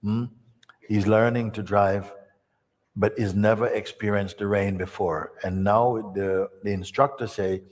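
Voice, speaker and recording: A man speaking as a spiritual teacher, giving an unhurried storytelling talk to an audience. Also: on the low side, steady tone, in a large hall.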